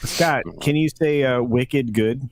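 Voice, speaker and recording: A man's voice: mid-range voice, slow pace, no echo. A man on a stream call teasing and ribbing the others. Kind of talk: casual chat.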